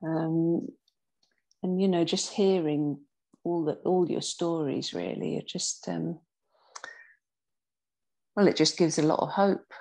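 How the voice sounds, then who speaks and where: A woman's voice: low voice, steady tone, takes it slowly, creaky, pauses often, a little mellow. A woman speaking casually on a video call, hesitant and full of ums. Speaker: call participant.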